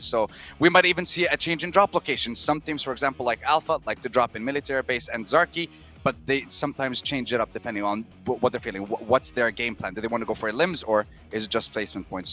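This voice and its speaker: A man on an esports analyst desk explaining how teams will play. He talks quickly in a bright voice, with faint music behind. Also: medium pitch.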